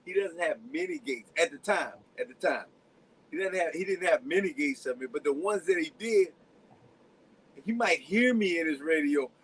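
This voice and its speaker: A married man on a podcast, telling stories in casual chat, animated and slangy, laughing often. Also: fairly high pitch, moderate pace, husky, rough recording.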